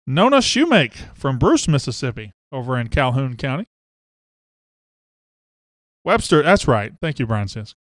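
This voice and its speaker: A man's voice: medium pitch, big pitch swings, unhurried, pauses often, fairly bright tone, no echo, studio quality. A man, hosting a casual live sports talk show and greeting viewers by name and hometown. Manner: chatty, reads out viewer names and hometowns.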